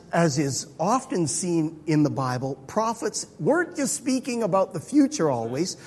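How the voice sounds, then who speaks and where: A man preaching a sermon in a conversational, animated way. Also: on the high side, breathy edge. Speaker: pastor. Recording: long hall reverb.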